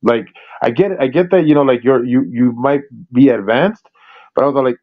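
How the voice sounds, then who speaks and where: Halting man on muffled audio. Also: mid-range voice. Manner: halting, lots of restarts and "like". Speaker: panel participant. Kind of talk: casual chat.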